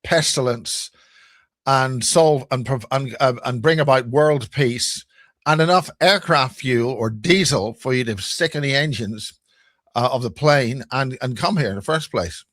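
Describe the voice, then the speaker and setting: Unhurried and medium in pitch, this Northern Irish man's slightly bright voice comes through at studio quality without echo. He's a guest on a video-call chat show, a rambling, joking storyteller who keeps restarting as he chats casually. He is from Northern Ireland.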